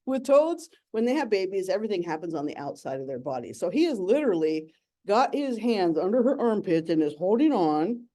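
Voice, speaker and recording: A woman's voice: mid-range voice, big pitch swings, moderate pace, mellow. A young adult woman giving a playful, giggly nature talk as an educator.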